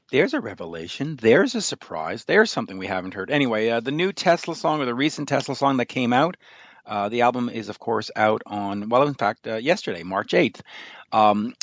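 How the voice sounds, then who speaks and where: A man's voice: medium pitch, no echo, lo-fi sound. A male radio host in a casual interview who talks in a chatty, rambling way with many fillers.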